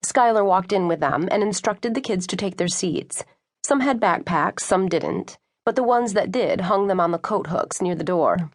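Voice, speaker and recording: A woman narrating a first-person novel as an audiobook, expressive storytelling. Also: medium pitch, moderate pace. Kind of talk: scripted narration.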